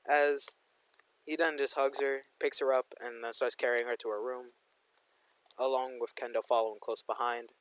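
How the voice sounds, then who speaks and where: A man's voice: medium pitch, fairly bright tone, no echo, poor audio. Young male storyteller, casual and slangy, dry room, mid voice. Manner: rambling, slangy, full of "like". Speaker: fan storyteller. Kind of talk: casual fan-fiction narration.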